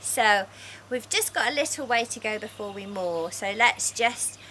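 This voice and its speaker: A woman's voice: mid-range voice, expressive, unhurried, sharp tone, slight background noise. A woman leading a laughter yoga session, playful and encouraging, laughing often between her cues. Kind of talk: guided laughter exercise session.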